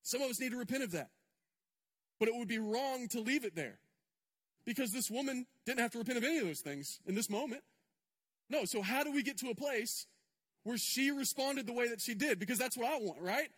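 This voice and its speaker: Male pastor with a high, light voice. Conversational, emphatic sermon delivery, with long reverb from a church hall. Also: expressive, fairly quick, fairly bright tone, husky. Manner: conversational and emphatic, with repetitions and asides to the congregation. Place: church sanctuary.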